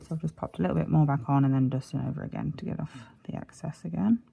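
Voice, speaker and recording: A British woman chats casually while walking through a nail art tutorial, rambling, correcting herself, interrupting herself and apologising, all while hiccuping. Her voice is low, fast and mellow, with vocal fry and a slightly rough edge.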